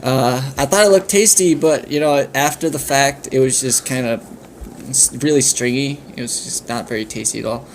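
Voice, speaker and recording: A man's voice: medium pitch, moderate pace, slight background noise, close to an everyday voice. A man voicing a bored, hungry male blue dragon in a told story, with a lazy, casually menacing drawl.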